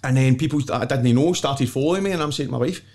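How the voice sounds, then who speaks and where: Fast-talking blunt Glaswegian man. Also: medium pitch, darkish tone. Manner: blunt, swearing, self-mocking, laughs often. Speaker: podcast guest. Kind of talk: casual storytelling chat.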